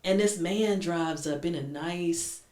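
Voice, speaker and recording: Woman host, animated storyteller, echoey room, mic at a distance. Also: fairly low pitch, takes it slowly. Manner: animated storyteller, acts out characters. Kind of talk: storytelling talk show. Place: room with guests.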